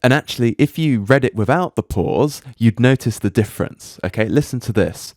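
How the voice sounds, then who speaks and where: A man teaching a recorded writing lesson over slides, explaining patiently and reading example sentences aloud slowly and deliberately. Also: medium pitch, animated, a little mellow, no echo, studio quality.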